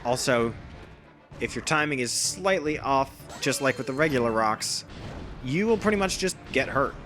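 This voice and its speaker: Bright-voiced man casually narrating gameplay. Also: medium pitch, expressive, normal speed, faint music behind. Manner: casual, rambling, self-deprecating. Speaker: gameplay commentator. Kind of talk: let's play commentary.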